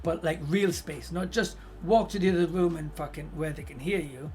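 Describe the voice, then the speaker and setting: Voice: medium pitch, moderate pace, soft background music. Blunt, foul-mouthed streamer giving advice. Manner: blunt, swears constantly; animated, acts out quoted voices. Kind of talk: casual live-stream advice chat.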